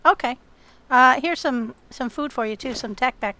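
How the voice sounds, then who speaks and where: A woman's voice: sits high, normal speed, sharp tone. A woman hosting a survival game video, chatting with another player and talking to her viewers in a friendly way with many fillers. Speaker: gameplay video host. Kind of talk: gameplay commentary and in-game voice chat.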